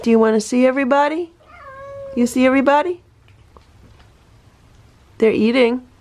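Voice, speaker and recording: A woman's voice: sits high, normal speed, darkish tone. A woman filming a casual vlog at home, talking soothingly to a rescued cat and explaining her care in a coaxing, sing-song way.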